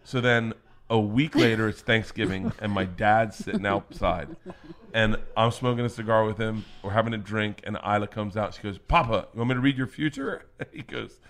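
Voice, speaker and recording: A man, a comedian, telling family stories on a podcast in a loud, profane way, laughing as he goes. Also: lowish voice, moderate pace. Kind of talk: casual storytelling.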